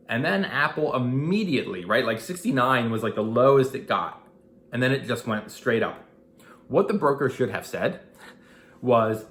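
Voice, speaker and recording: A man in his thirties telling a personal investing story in a casual vlog, animated and acting out what people said. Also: mid-range voice, moderate pace. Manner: animated, acts out quoted dialogue. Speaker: investing vlogger. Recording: echoey room.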